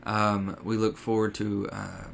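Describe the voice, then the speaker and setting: A man's voice: on the low side, little pitch movement, measured pace, gravelly, slight background noise. A man co-hosting a casual podcast, chatty and full of ums and uhs. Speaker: podcast co-host.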